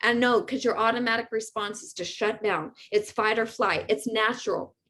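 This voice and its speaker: A woman with a fairly high voice hosts a live motivational talk as a spiritual medium. She is earnest and animated and speaks straight to her viewers. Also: moderate pace.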